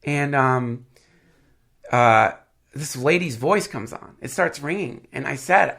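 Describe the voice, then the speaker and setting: A man's voice: mid-range voice, animated, takes it slowly, gravelly, a bit bright. A man telling rambling stories as a podcast guest, full of fillers and swearing, sniffling with a head cold. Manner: rambling, filler-heavy, profane storytelling. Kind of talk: casual podcast chat.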